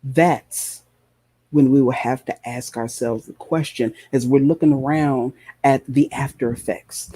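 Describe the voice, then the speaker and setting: A man's voice: medium pitch, mellow. A man preaching a passionate sermon, repeating phrases for emphasis and addressing his listeners directly. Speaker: preacher and show host.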